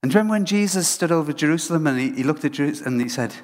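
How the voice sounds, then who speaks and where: A man's voice: fairly high pitch, racing, hardly any pauses. A man preaching a conversational sermon, telling stories with lots of restarts. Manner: animated storytelling with frequent restarts. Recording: long hall reverb.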